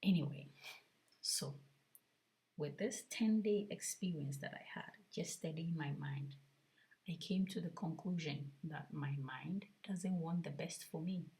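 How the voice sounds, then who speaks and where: A woman vlogger sharing a personal spiritual testimony, soft-spoken and often half-whispered, earnest and reflective. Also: deep voice, unhurried, rough recording.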